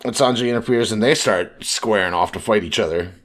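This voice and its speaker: A man co-hosting a casual podcast, retelling story scenes and quickly paraphrasing the characters' lines. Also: lowish voice, a bit bright. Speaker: podcast co-host.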